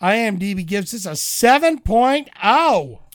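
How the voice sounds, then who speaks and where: Joking podcast host, dry close mic. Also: male voice, sits high, sing-song, a little slow, dry recording. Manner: crude, joking, rambling. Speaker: podcast co-host running a movie trivia quiz. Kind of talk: casual podcast chat.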